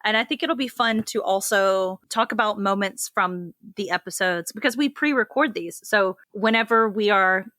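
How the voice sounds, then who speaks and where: Bright, giggly woman podcast co-host. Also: mid-range voice, moderate pace, few pauses, dry recording. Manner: giggly, chatty, laughs often. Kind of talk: casual chat.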